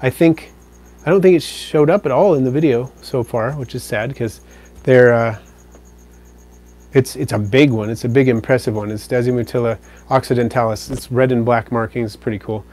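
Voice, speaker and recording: A man hosting a live stream, casually answering viewer comments in a relaxed, rambling way. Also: medium pitch, moderate pace. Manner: relaxed, rambling, with fillers and self-corrections.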